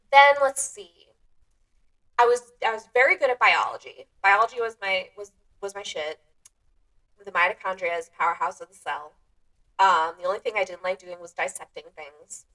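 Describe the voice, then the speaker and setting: Her mid-range voice pushed and bright, a podcast host chats solo in a relaxed, self-mocking way, laughing at herself often. She sounds a bit removed from the microphone.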